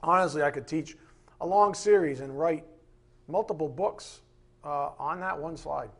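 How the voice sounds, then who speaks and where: A man's voice: a little high, unhurried. A man pastor preaching a sermon with emphatic, impassioned delivery, acting out quoted voices along the way.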